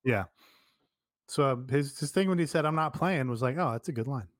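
A man's voice: medium pitch, animated, brisk, no echo. A man co-hosting a podcast in casual chat, rambling with lots of fillers and casual swearing. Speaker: podcast co-host.

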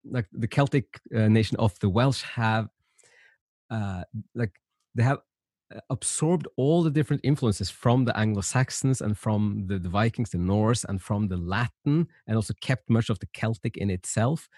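A man's voice: on the low side, moderate pace, a little mellow, no room sound, studio quality. A man hosting a podcast interview who talks hesitantly, with many fillers and restarts. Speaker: podcast host. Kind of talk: casual interview conversation.

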